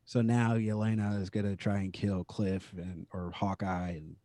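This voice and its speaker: A man co-hosting a casual chat, rambling with lots of fillers and quick laughs. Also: fairly low pitch, little pitch movement, dark tone, no echo. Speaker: podcast co-host.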